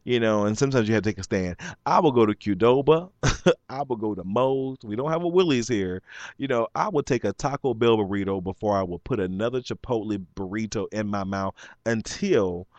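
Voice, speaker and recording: A man telling a story in a casual, rambling way, heated and laughing often, jumping into high voices when he quotes others. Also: lively intonation, fairly quick, a little mellow, no echo, dull audio.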